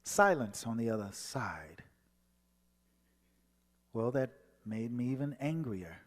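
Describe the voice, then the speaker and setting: A man giving a personal testimony as a guest speaker, telling his story and acting out the dialogue, moving from hushed passages to soaring ones. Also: fairly high pitch, lively intonation, measured pace, pauses often. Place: church sanctuary. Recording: long hall reverb.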